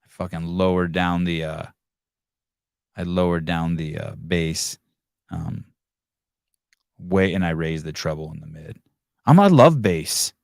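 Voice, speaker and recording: A male podcast host in casual chat, ranting in a profane, animated way. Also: deep voice, measured pace, pauses often, no room sound, studio quality.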